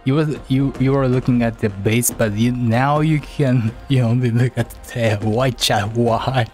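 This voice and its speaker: A man chatting casually on a livestream, halting and repeating words as he teases his chat playfully. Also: mid-range voice, steady tone, a little mellow, soft background music. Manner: playful teasing.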